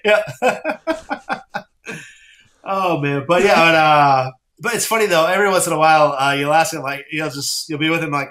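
A man's voice: on the high side, moderate pace, fairly bright tone, roomy sound. A man telling rambling stories in a casual podcast chat, with lots of fillers. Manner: rambling storyteller, many fillers and laughs. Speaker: comic book writer.

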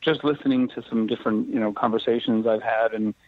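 Husky man on a tinny phone line. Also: mid-range voice, fairly even intonation, no echo. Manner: careful and measured, avoids spoilers. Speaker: actor guest. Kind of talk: casual interview chat.

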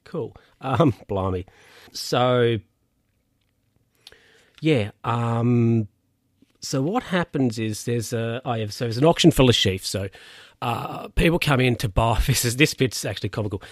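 A man's voice: mid-range voice, no room sound, clean studio sound. A man casually recapping a film's plot, rambling, with lots of fillers and self-corrections. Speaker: film recap host.

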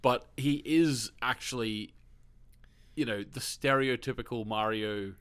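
A man with an Australian accent co-hosting a casual movie podcast, telling stories with quick asides and laughs. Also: mid-range voice, fairly bright tone, smooth. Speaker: podcast co-host.

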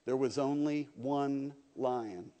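This is a vast, ancient male lion speaking from the dark, put on by a man reading to a congregation. The voice is deep and hushed, slow and solemn but gentle. A long church reverb trails after each phrase. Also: natural voice. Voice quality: deep, quiet and low.

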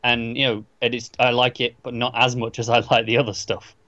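A man in a casual film discussion who speaks haltingly, repeating words before he finishes a thought. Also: medium pitch, flat delivery, bright, forceful tone, dry recording, muffled recording. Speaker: film reviewer.

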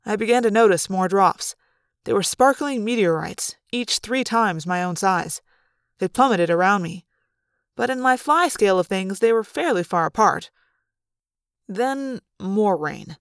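A woman reading a fan audiobook, narrating in first person with lively, dramatic delivery. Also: mid-range voice, unhurried, smooth, no echo, studio quality. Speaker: audiobook reader.

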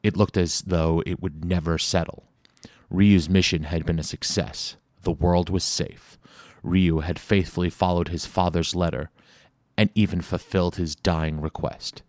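A man narrating an audiobook chapter in a steady, measured storytelling way. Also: low-pitched, no room sound, clean studio sound. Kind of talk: scripted narration.

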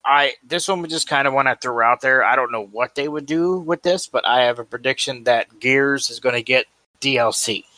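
A man with a bright, forward voice co-hosts a casual podcast chat. He talks eagerly and jokes freely, recorded close and dry. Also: mid-range voice, moderate pace, no room sound. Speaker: podcast co-host.

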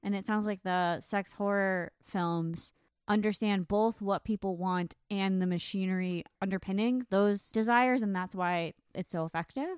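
A woman's voice: medium pitch, steady tone, moderate pace, clean tone, no room sound, clean studio sound. A woman co-hosting a podcast, asking probing questions and analysing films with amusement. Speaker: podcast co-host. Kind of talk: casual movie discussion.

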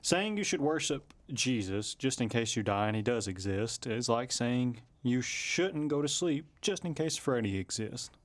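A man's voice: medium pitch, animated, unhurried, few pauses. A man hosting a casual podcast discussion, laid-back and addressing listeners directly. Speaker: podcast host.

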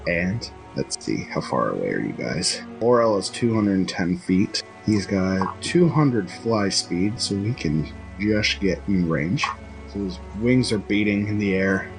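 A man's voice: deep voice, expressive, measured pace, vocal fry. A man narrating as game master in a loose, jokey way, with faint music behind. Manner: loose, jokey, restarts often.

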